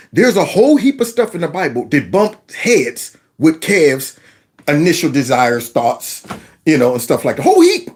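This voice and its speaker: A man hosting a reaction commentary in a sarcastic, preachy way. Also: sits high. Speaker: commentary host.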